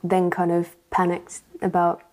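A woman's voice: on the low side, monotone, unhurried, a little mellow, a little hiss or hum. A woman sharing her personal testimony as a church guest, talking hesitantly with many fillers.

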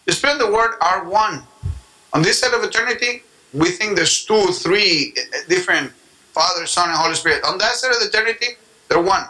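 His voice sitting high, a pastor moves fairly quickly through a sermon, animated as he mimics people and performs prayers, prayer voices and tongues alike. The recording is rough.

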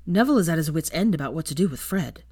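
A woman voicing a patient father who speaks firmly and measured to children. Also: low-pitched, lively intonation, dark tone, slightly rough, no echo, clean studio sound. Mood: weary. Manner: firm and measured. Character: patient firm young dad, man.

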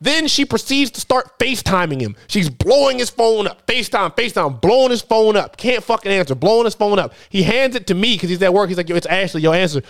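Animated high-voiced young man telling a story. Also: brisk, few pauses. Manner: animated, slangy, loud quoting of friends. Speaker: podcast co-host. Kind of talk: casual storytelling chat.

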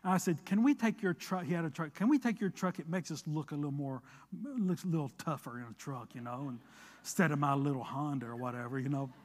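Male pastor, high-pitched, preaching with emphasis and telling stories with quoted back-and-forth, church hall reverb. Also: fast. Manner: preaching with rising emphasis, then relaxed storytelling with quoted dialogue. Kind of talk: sermon with a personal story.

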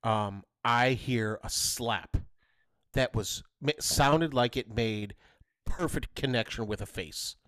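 Podcast co-host, male, 30s, lively storyteller, dry close mic. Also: slow, dry recording. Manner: animated, jumps to high voices when quoting his kids. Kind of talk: casual storytelling chat.

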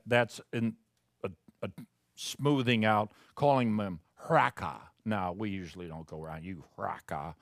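A middle-aged male pastor preaching a sermon, emphatic, moving from quiet folksy asides to loud stressed scripture quotes. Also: mid-range voice, dry recording, clean studio sound. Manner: folksy, self-deprecating asides.

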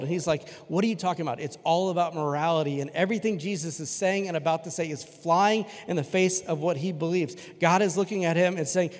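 Guy preaching in church, casual talky sermon, gets loud then drops quiet, big reverb. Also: fairly high pitch. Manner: emphatic, conversational preaching that swings between loud and quiet. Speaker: pastor. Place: church sanctuary. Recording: long hall reverb in a church.

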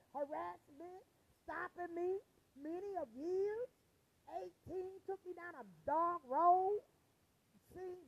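A woman's voice: very high-pitched, creaky. A distressed woman venting angrily and cursing, repeating herself as she tells of her ordeal, recorded at home. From United States. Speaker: vlogger telling of her ordeal. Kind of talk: emotional personal rant. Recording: tinny phone-like audio.

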